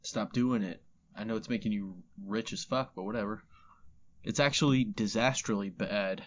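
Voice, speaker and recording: A man's voice: on the low side, normal speed, highs cut off. A man co-hosting a podcast, talking bluntly and casually about rap lyrics with plenty of swearing. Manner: blunt, laid-back, heavy swearing. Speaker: podcast co-host.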